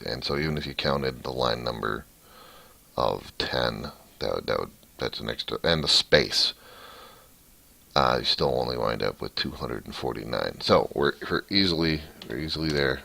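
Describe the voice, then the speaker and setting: A man's voice: extremely low pitch, moderate pace, gravelly, sharp tone. A man walking through some code casually, thinking aloud and reading lines out as he types. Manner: thinks aloud, reads code out while typing; rambling, many restarts. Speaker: hobbyist programmer. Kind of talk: casual coding walkthrough.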